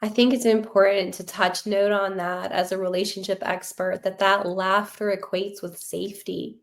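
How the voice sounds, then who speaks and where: A woman, a relationship expert, talking as a guest in a casual interview and warmly affirming the host. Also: medium pitch, little pitch movement. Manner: slow, affirming, laughs along.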